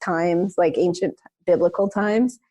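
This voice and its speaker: A young adult woman, a podcast co-host, telling a personal story in an animated, emphatic way, with many "like"s and "um"s. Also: fairly low pitch, a little slow. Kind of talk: personal storytelling in casual conversation.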